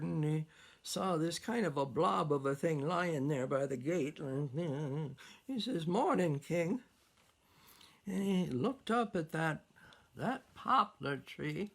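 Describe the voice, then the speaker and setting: A woman storyteller spins a folktale in a slow, drawling rhythm, repeating phrases for effect. Her low voice carries a gravelly creak, and she takes her time with every line. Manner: repetitive, drawling rhythmic telling.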